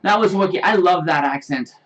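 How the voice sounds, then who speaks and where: A woman's voice: lowish voice, brisk, muffled recording. A woman hosting and commentating a live online racing event in a chatty, joking way. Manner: chatty, laughing, playful asides. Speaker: race host and commentator. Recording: distant mic with faint noise.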